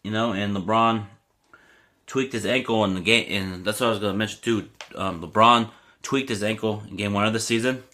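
A young man hosts a casual sports podcast in a bright, forward voice. He talks loosely, ranting and getting worked up, and leans on filler like "you know what I mean". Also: on the low side, fairly quick.

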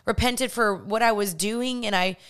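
A woman's voice: mid-range voice, normal speed, fairly bright tone, smooth. A young woman podcast host telling a personal faith testimony in a candid, earnest, chatty way.

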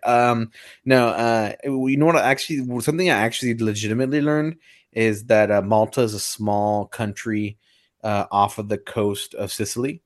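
A man's voice: lowish voice, normal speed, no room sound, studio quality. A man guesting on a podcast, chatting casually in a rambling way, swearing freely and laughing at his own jokes. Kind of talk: casual chat.

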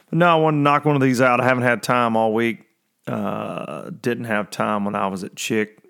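A man's voice: medium pitch, moderate pace, gravelly, fairly bright tone, smooth. A man hosting a podcast in casual chat, rambling and joking with many fillers, in his early morning voice. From Tennessee. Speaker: podcast host.

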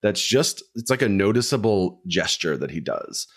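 Deep-voiced man musing over films. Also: big pitch swings, moderate pace. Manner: meandering, self-interrupting analysis with many fillers. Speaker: podcast co-host discussing films. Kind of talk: casual chat.

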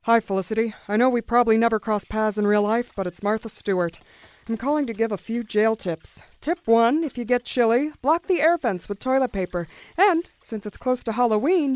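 An actress voicing a calm lifestyle-guru woman who gives homey tips in measured, serene steps. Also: fairly high pitch, no echo, close to an everyday voice.

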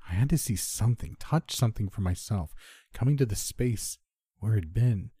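A man reading a first-person horror story in a measured, subdued way. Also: lowish voice, animated, dark tone, breathy edge, dry recording, studio quality.

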